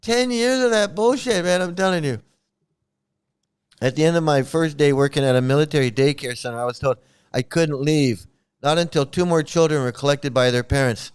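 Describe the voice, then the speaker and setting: In casual commentary on a cult, a middle-aged channel host rambles, repeats himself, stammers, swears, and laughs often at his own stories. His voice is smooth and clear, high for a man, and moves at a normal speed.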